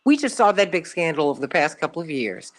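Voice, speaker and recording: A woman's voice: sits low, big pitch swings, fast. A middle-aged woman from Chicago hosting a call-in radio show, telling a personal story emphatically and repeating herself for stress. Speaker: radio talk show host.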